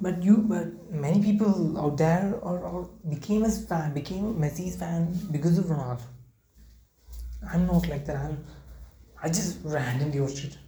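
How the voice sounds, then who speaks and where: The speaker is a young adult football fan whose warm, mid-range voice rambles through an unscripted, emotional vlog, repeating words and near tears. There's a roomy echo and faint background noise.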